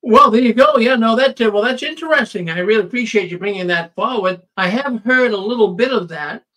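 A man's voice: high-pitched, brisk, bright, forceful tone, recorded from a distance, poor audio. A man hosting a call-in show, who talks to callers in a chatty, reassuring way.

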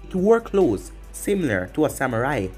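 A man's voice: mid-range voice, very animated, moderate pace, a little mellow. A man reading fan fiction aloud as narrator, in plain run-on narration. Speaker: story narrator. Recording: faint music behind.

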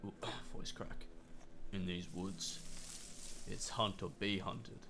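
A man's voice: low-pitched, flat delivery, slow pace, background noise. A man, streaming a horror game live and reacting chattily with lots of swearing. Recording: game music loud behind voice.

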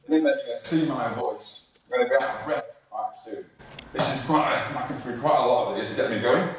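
A man's voice: medium pitch, a little fast, a little hiss or hum. Breathless male trainer in an echoey hall. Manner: informal, repeats phrases, restarts sentences. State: out of breath while exercising. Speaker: fitness trainer giving a talk. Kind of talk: live talk with demonstration. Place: large echoey hall in front of an audience. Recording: echoey hall recording from far off.

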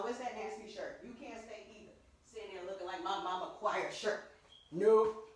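Animated woman in a roomy echo. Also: medium pitch, moderate pace, far from the mic, slight background noise. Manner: animated, exclaiming, talking to viewers. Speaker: vlogger. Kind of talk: chatty try-on haul vlog. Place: home room.

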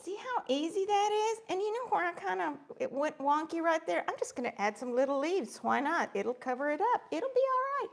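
A woman with a high voice and a gravelly, fry-edged texture, chatting casually through a live crafting stream. She keeps it upbeat and chatty, greeting her viewers by name as she works on a project. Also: expressive, brisk, few pauses.

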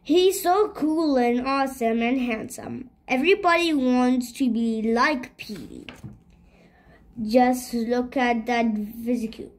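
A woman's voice: on the high side, slow pace. A woman voicing a vain, grumpy male evil cat scientist in a storybook read-aloud, bossy and boastful.

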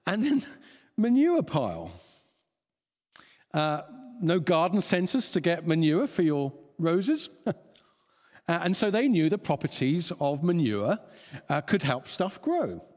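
A man's voice: fairly high pitch, big pitch swings, slow, pauses often, a little mellow. A man preaching a sermon, chuckling often and restarting phrases as he thinks aloud. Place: church hall. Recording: long church reverb.

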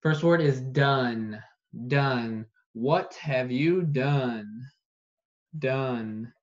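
A man teaching an online phonics lesson, saying each word slowly and repeating it for dictation. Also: mid-range voice. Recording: dull lo-fi recording.

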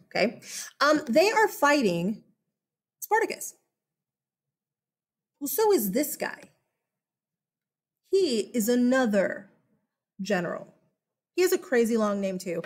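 A woman, giving a chatty classroom history lecture and often checking in with "okay?". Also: fairly high pitch. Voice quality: slight lisp. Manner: chatty, animated, keeps checking in with 'okay?'. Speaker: history teacher.

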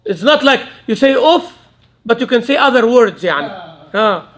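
High-voiced, animated man. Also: moderate pace. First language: Arabic. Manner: animated, mixes Arabic words into English, laughs often. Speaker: Islamic lecturer. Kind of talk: Quran commentary lecture. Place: restaurant meeting room.

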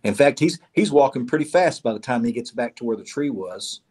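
A man's voice: mid-range voice, animated, a little fast, a little mellow, breathy edge. A man telling a parable at a church in a folksy way, often repeating his words. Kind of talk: told parable.

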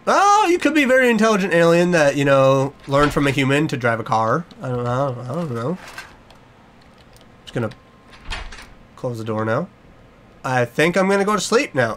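Young guy doing let's play commentary on a creepy game, jokey and jittery, higher voice that jumps all over. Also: sing-song, normal speed, long pauses, fairly bright tone. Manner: jokey, nervous running commentary. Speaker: gaming YouTuber.

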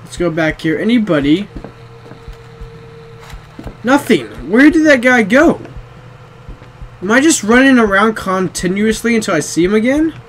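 A man's voice: high-pitched, very animated, measured pace, long pauses, slight background noise. A young man playing a horror game, jumpy, swearing often and talking to himself. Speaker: gamer.

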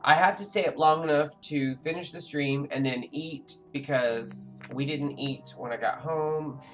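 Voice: mid-range voice, measured pace, a bit bright. A very tired game streamer chatting and rambling to viewers while playing live. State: very tired, sleepy. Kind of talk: live gameplay commentary. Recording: music playing behind.

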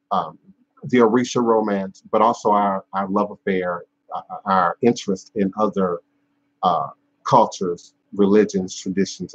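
Man, husky voice, spiritual teacher on a live stream, measured and emphatic, repeats phrases, dull lo-fi sound. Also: on the low side. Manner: frequent fillers and restarts. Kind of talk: unscripted live-stream talk.

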